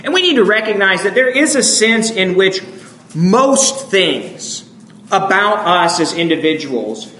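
A man's voice: a little high, reverberant, slight background noise, low-quality recording. A man with a northern American accent preaching a sermon in a conversational way, often checking in with "right?". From northern United States. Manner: conversational, asks "right?" often, animated emphasis.

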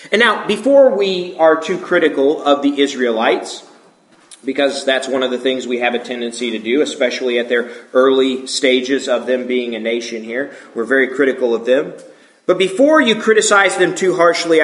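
Brief: relaxed male preacher, fairly high voice, informal and questioning, echoey room. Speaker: pastor. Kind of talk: conversational sermon.

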